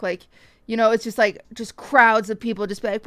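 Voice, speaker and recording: A woman streamer telling a story to her chat in a casual, animated way, swearing often and acting out the voices of people she quotes, with hiccups. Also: a little high, brisk, clear, resonant tone, dry recording.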